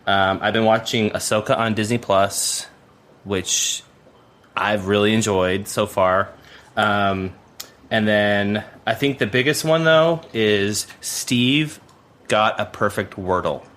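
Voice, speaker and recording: A man's voice: on the low side, takes it slowly, a bit bright. A man producing a podcast, chatting casually and rambling with lots of fillers and restarts. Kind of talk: casual chat.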